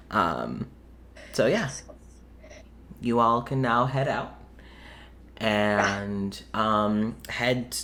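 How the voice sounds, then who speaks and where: A woman narrating as game master in a tabletop game, relaxed and meandering. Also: rumbling low.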